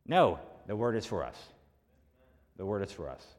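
A man's voice: fairly low pitch, darkish tone, slightly rough. Storytelling male pastor in a reverberant hall. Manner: conversational storytelling preacher, acts out quoted voices. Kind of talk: sermon. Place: church sanctuary.

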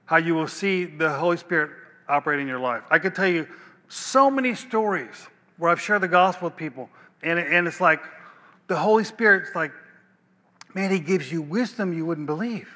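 A man's voice: high voice, animated, normal speed, sharp tone. An older man preaching a sermon as pastor, talking in a conversational way, repeating words and checking in with the listeners. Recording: long hall reverb.

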